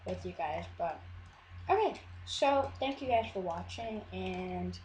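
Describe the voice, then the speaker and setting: A woman's voice: lowish voice, lively intonation, takes it slowly, darkish tone, reverberant, slight background noise. A woman chatting casually over her gameplay video, rambling and often cutting herself off. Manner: rambling, chatty, self-interrupting. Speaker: Minecraft video maker.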